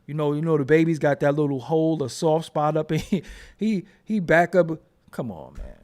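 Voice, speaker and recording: A man's voice: on the high side, sing-song, normal speed, darkish tone. A man hosting a casual commentary show, joking and riffing in slangy with frequent laughs. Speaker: host.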